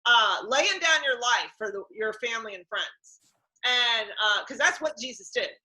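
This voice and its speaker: A woman's voice: a little high, normal speed, rough recording. A woman hosting a casual conversation about faith, telling stories animatedly and acting out the people she quotes. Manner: animated storyteller, acts out quotes. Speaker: podcast host.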